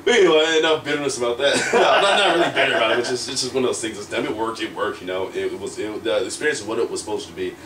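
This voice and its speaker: A young American man recalls his wrestling days in an animated, laughing way, often starting sentences over. His voice sits a little away from the mic in a roomy, echoing space. A faint hum of ambience runs underneath. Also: medium pitch, racing, hardly any pauses, far from the mic. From United States. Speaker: professional wrestler, guest. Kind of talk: candid storytelling interview.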